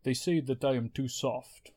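A man voicing a soft-hearted exiled male goliath prisoner, speaking slowly and earnestly. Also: medium pitch, lightly acted.

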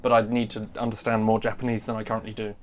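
A man's voice: lowish voice, completely flat delivery, quick pace, slight background noise. Dry, whimsical man. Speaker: podcast co-host. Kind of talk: casual chat.

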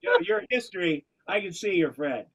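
A man's voice: sits high, huge pitch swings, brisk, vocal fry, a bit bright, slightly rough. A man talking in a casual, rambling way, wandering off on tangents and restarting his sentences. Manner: rambling, digressive, many restarts. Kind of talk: casual conversation. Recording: dull, lo-fi sound.

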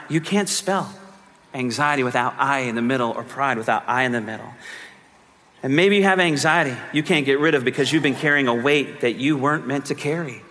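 A man preaching a sermon as pastor, moving from quiet teaching to fervent, almost shouted appeals. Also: mid-range voice, brisk, long reverb tail.

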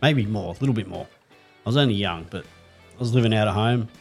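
A man talks in a low voice, spinning crude, swear-laden stories in a casual podcast chat. Faint music sits quietly behind him. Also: a little fast. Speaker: podcast co-host.

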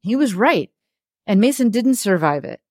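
A woman who works as a television producer appears as an interview guest, telling a personal story frankly and emotionally and laughing through hard memories in candid conversation. Her mid-range, slightly mellow voice has big pitch swings at normal speed, in a dry, studio-quality recording.

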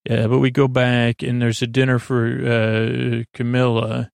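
Gravelly male voice, flat delivery, bedtime recap, dry close sound, halting with lots of fillers. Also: no room sound. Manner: halting, many fillers and self-corrections; low-key, unhurried storytelling. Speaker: sleep podcast host. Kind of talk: drowsy episode recap for sleep.

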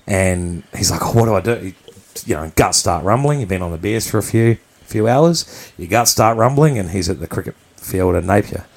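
A man's voice: sits low, animated, moderate pace. A man from New Zealand, co-hosting a podcast, telling a personal story in a candid, blunt, rambling way. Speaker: podcast co-host.

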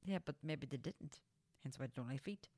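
A woman's voice: rumbling low, expressive, fairly quick, warm tone, dry recording. An Irish woman co-hosting a podcast, chatting casually, giggling and bantering back. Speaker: podcast co-host. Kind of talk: casual chat.

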